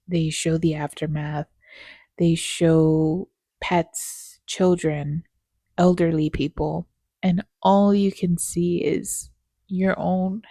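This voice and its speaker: Slow, soft-spoken sad young woman. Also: lowish voice, slightly rough, dry recording. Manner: slow, soft, halting with many fillers and pauses, often near a whisper. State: sad, tired after crying. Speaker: vlogger and new mother. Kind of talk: personal vlog, candid talk to camera.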